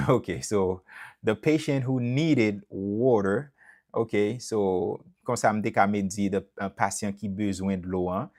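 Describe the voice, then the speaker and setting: Slow-paced Haitian teacher repeating examples. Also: male voice, on the low side, darkish tone. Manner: switches between Creole and English, repeating example sentences slowly. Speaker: English teacher. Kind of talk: live online English lesson.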